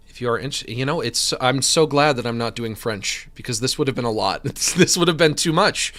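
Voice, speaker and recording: A man chatting on a gaming stream, rambling in a goofy, animated way at a desk microphone. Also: medium pitch, fairly quick, hardly any pauses. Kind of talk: casual gaming stream chat.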